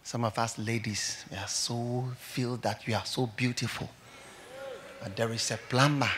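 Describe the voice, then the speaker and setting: A male pastor with a Ghanaian English accent preaching a sermon to a church congregation. He swings dramatically between hushed tones and shouts. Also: medium pitch, steady tone, unhurried, a little hiss or hum. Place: church service hall.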